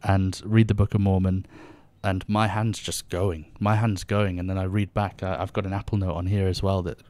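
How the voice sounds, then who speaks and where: A young man with a British accent talks about his faith as a podcast guest, earnest and a little halting, restarting his sentences as he goes. His voice sits fairly low and is recorded dry, with hardly any room sound. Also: flat delivery, mellow, no echo. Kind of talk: casual conversation about faith.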